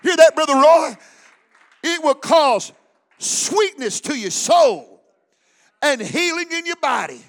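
A male preacher with a very high voice delivers a sermon at a church service. He preaches with fervor and repeatedly calls on the congregation to answer him. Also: fairly bright tone. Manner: fervent, call-and-response preaching. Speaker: pastor.

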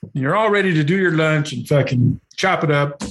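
A man in casual podcast chat with a slightly high voice who swears freely and laughs often. He acts out coworkers in quick put-on voices. A faint hiss sits under the recording. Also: animated, fairly bright tone. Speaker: podcast co-host.

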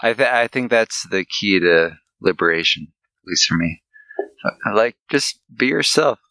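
A young man co-hosting a podcast, speaking calmly in casual chat. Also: on the low side, a little slow, dry recording, poor audio. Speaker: podcast co-host.

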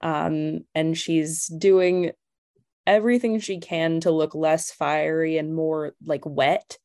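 A woman playing a tabletop game, describing her character in a halting way with many fillers. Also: sits low, fairly even intonation, a little mellow, dry recording, clean studio sound. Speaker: player.

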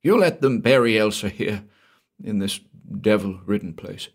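A man's voice: lowish voice, lively intonation, normal speed, breathy edge. A man reading the part of a grieving young man who speaks bitterly and defiantly. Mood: accusing.

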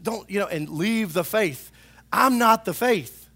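Pastor guy preaching in church, bright voice, kinda high, gets really animated. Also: unhurried. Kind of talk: sermon. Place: church sanctuary.

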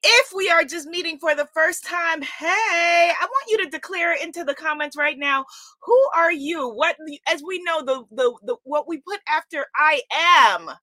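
A woman's voice: extremely high pitch, lively intonation, unhurried, bright, forceful tone, dry recording. A woman hosting a spiritual livestream, exuberant and affirming, reading out viewer comments and repeating phrases. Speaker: livestream host.

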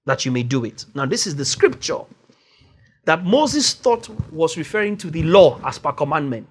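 Male preacher, sermon, husky tone, animated pitch, emphatic stretched words. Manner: emphatic, drawn-out stresses and rising exclamations.

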